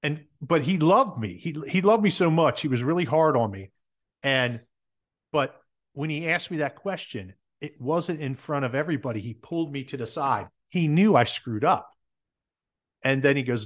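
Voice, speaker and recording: A man's voice: medium pitch, normal speed. New Jersey man telling stories. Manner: lively anecdotal storyteller. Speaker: guest, business owner. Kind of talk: casual interview storytelling.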